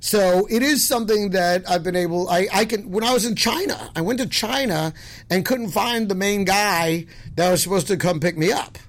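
A loud, excitable middle-aged man telling animated stories as a guest, laughing as he goes. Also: high-pitched, normal speed. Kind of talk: animated storytelling.

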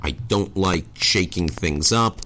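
A man's voice: low voice, slow pace, sharp tone, a little hiss or hum. A man as a podcast guest, talking casually and candidly, rambling with many fillers and self-corrections. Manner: rambling, self-deprecating, frequent "like". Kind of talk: casual conversation.

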